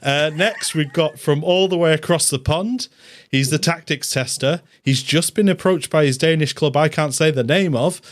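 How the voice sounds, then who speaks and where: Upbeat man hosting a show. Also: on the high side. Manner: upbeat, jokey, quick asides. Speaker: host. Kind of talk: hosting a live draft show.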